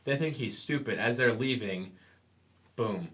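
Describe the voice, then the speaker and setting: A man's voice: medium pitch, unhurried, fairly bright tone. A man co-hosting a comic book podcast, retelling scenes and reading out quoted lines in casual chat. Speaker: podcast co-host.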